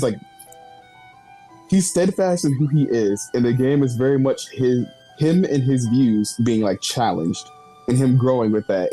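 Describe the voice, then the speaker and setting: A woman with an extremely low, mellow voice lays out her thoughts in a calm, explanatory way during a casual chat. Soft music sits faintly in the background. She takes her time building her point. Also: husky. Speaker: podcast co-host. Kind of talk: casual fan discussion.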